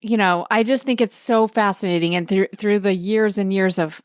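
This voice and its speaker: A woman's voice: medium pitch, fairly even intonation, normal speed, smooth, dry recording, clean studio sound. A woman podcast host chatting casually, enthusiastic and effusive. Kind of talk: casual chat.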